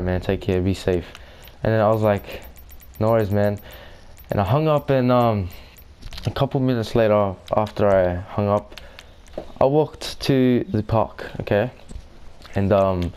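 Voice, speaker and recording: A man's voice: lowish voice, dark tone, clear, resonant tone, poor audio. A young man telling a rambling, casual storytime for his gaming channel, full of fillers and swearing.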